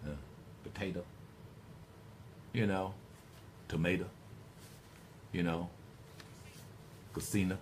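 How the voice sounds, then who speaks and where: A man's voice: deep voice, slight background noise. A middle-aged man hosting a talk radio show, rambling and digressing as he speaks to his listeners. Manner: rambling, digressive, animated storyteller.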